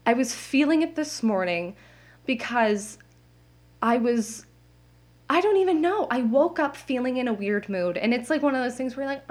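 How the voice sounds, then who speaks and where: A young woman hosting her own podcast, talking candidly and at length, full of "like" fillers and quick laughs. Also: fairly high pitch, lively intonation. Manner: candid, rambling, many "like" fillers, laughs often. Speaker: podcast host. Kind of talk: casual solo podcast monologue. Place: home, indoors.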